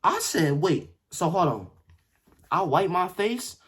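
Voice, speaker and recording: A young man telling a story in a casual, slangy way, swinging from yelled quotes to low mutters. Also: very animated, slow pace, slightly rough. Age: young adult. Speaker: vlogger. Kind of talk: animated storytime.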